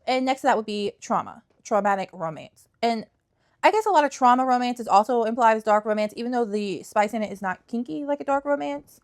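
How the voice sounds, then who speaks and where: A woman's voice: a little high, animated, brisk. A young woman chatting casually about books she reviews, sassy and emphatic, often repeating lines for effect. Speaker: book reviewer. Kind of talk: casual vlog chat.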